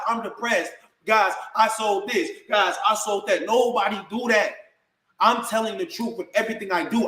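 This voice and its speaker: A man's voice: high-pitched, sharp tone, roomy sound, rough recording. A man delivering a heated, confrontational rant straight to camera, full of slang. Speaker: online personality.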